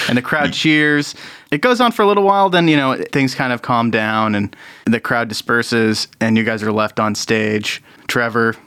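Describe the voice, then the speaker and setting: A man's voice: medium pitch, moderate pace, a bit bright, clean tone, dry recording, clean studio sound. A man running a tabletop role-playing game as game master, narrating scenes with amusement.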